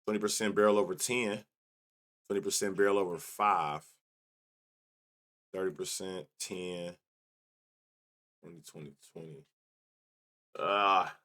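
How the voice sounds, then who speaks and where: A man's voice: low-pitched, fairly even intonation, unhurried, long pauses, fairly bright tone. A man runs through numbers in a loose, thinking-aloud way. He mutters half to himself and swears casually as he hosts a sports betting show. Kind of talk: casual solo stats rundown.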